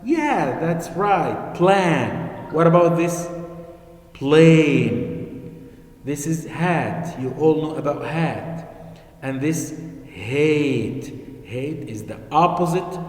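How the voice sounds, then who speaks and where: Slow, patient male teacher in echoey room. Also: on the high side. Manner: slow, patient, repeats key words. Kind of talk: online phonics lesson. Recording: echoey room with long reverb.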